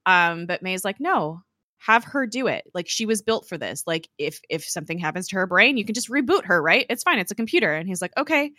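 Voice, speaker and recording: A woman's voice: lowish voice, expressive, fast talker, hardly any pauses, sharp tone, dry recording, clean studio sound. A young woman in casual chat, recapping a TV episode and paraphrasing the characters with lots of "like". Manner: chatty, peppers speech with "like", paraphrases characters' lines. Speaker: podcast host recapping a TV episode.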